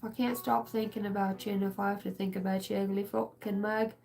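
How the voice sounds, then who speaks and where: A woman's voice: mid-range voice, little pitch movement, quick pace, gravelly, mellow, a little hiss or hum. A woman giving a casual channeled spiritual reading, rambling and emotional, swearing freely.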